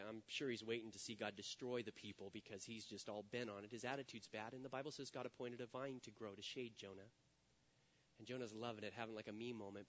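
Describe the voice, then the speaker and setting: Animated preacher man, lo-fi sound. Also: mid-range voice. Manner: animated storytelling, acting out quoted voices. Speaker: pastor. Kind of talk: sermon. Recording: dull lo-fi sound.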